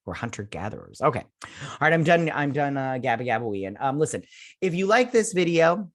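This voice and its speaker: A man's voice: medium pitch, very animated, a little fast, fairly bright tone. Heated man ranting on his vlog. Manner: heated, ranting, many restarts and fillers. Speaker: YouTube channel host. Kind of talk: reaction vlog commentary.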